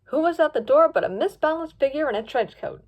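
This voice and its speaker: Lively woman reading a story aloud. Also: a little fast. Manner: lively, voices each pup and hawk with pitch jumps. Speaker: fanfiction reader. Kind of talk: storybook read-aloud with character voices.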